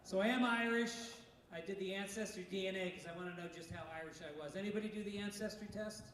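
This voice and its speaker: A middle-aged male stand-up comic with a fairly high voice, firing off jokes in a punchy, brash way and breaking into shouts now and then. He sounds set back from the mic, and his voice rings around a very echoey club room. A clear layer of noise sits under it all. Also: steady tone, fast talker, far from the mic. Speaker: stand-up comedian. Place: comedy club stage.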